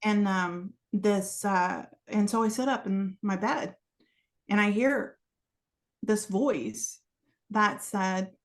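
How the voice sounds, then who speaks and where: A woman sharing a personal story as a podcast guest. She is animated and acts out each bit of dialogue, with frequent laughter. Her speech is full of casual "you know" and "like" asides. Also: mid-range voice, slow. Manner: frequent laughter while telling.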